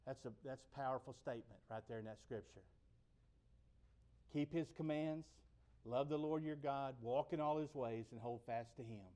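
A man preaching a sermon in a conversational way, building to loud emphatic peaks and then dropping low and slow.

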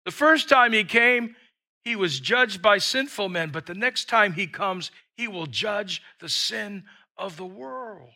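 A man's voice: sits high, animated, slow, vocal fry, pushed and bright. A man preaching a sermon as pastor, emphatic and repeating himself for stress. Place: church with an online audience.

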